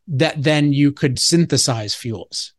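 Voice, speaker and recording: A man speaking emphatically as an interview guest, pressing his argument and often restarting his phrases. His voice sits slightly high for a man. The sound is dry and close, with no room around it. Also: takes it slowly, no echo.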